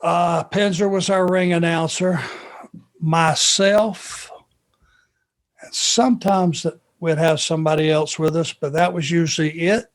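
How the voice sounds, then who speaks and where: A man from Georgia, co-hosting a podcast and telling a long anecdote in an unhurried, drawn-out way. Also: on the high side, steady tone. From Georgia, USA. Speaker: podcast co-host. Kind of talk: casual storytelling chat.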